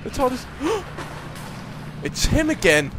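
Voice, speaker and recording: Jumpy high-voiced man playing a horror game. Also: wildly swooping pitch, takes it slowly, music in the background. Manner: jumpy, swears, swings from muttering to panicked shouting. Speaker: gaming commentator. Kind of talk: horror game let's play commentary.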